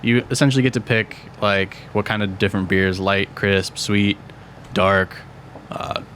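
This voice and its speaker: A man's voice: fairly low pitch, fairly even intonation, a little slow, a bit bright, slight background noise. A man co-hosting a casual podcast, laid-back and swearing casually as he reads out beer names. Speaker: podcast co-host. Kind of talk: casual chat.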